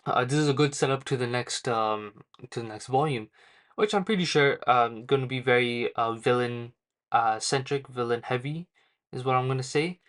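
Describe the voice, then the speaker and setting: A man's voice: mid-range voice, moderate pace, a bit bright. A young man casually recapping a manga chapter in a rambling, slangy way with lots of fillers. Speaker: manga reviewer.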